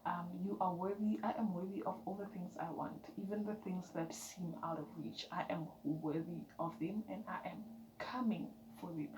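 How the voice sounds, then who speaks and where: A woman giving an emphatic, chatty motivational vlog talk, dropping now and then into soft whispered asides. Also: on the low side, moderate pace, a crowd in the background. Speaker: vlogger. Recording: echoey room with background noise.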